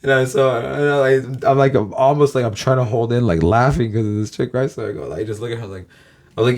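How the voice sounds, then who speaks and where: A man's voice: medium pitch, quick pace, darkish tone. A man from Los Angeles, a YouTuber, rambling casually to his viewers, swearing constantly and calling them guys.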